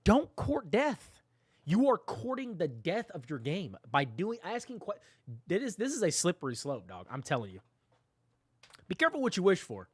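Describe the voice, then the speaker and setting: A man live-streaming a shooter game rants to his viewers in a lively, swooping voice that sits a little high. He repeats lines and plays up his outrage for effect. The sound is close and dry. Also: moderate pace, breathy edge, no room sound. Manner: animated, mock-dramatic ranting, often repeating himself. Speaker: gaming livestreamer. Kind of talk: live-stream rant to chat.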